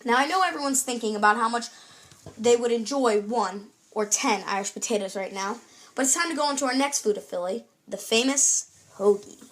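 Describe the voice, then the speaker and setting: A woman's voice: a little high, a little fast, slight background noise. A young woman presenting a scripted food show in an upbeat, read-aloud presenter tone.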